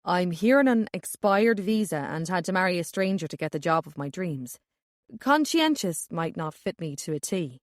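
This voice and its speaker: A woman's voice: on the low side, animated, moderate pace, no echo, clean studio sound, lightly acted. Woman voicing a laid-back young Irish man. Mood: wry. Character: easygoing young Irish man, teasing and warm. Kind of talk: audiobook character voice.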